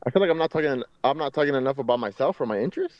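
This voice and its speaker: A man's voice: mid-range voice, animated, racing. A man being coached on a call, giving short, hesitant answers. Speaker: coaching client. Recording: dull, dry video-call audio.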